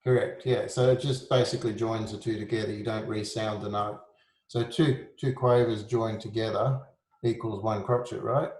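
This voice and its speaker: A man teaching a relaxed, informal music lesson. He explains rhythm, sings beats on "da", and jokes at his own expense. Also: fairly low pitch, moderate pace, reverberant.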